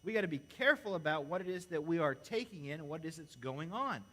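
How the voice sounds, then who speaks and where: Male preacher, earnest sermon, slightly raised pitch, bright forceful voice, questions to the congregation. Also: animated, fast, hardly any pauses.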